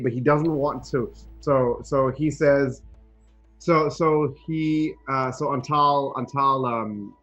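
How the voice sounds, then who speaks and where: Halting man playing a tabletop game. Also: fairly high pitch, fairly bright tone, highs cut off. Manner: halting, restarts often. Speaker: player. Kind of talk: tabletop role-play chat.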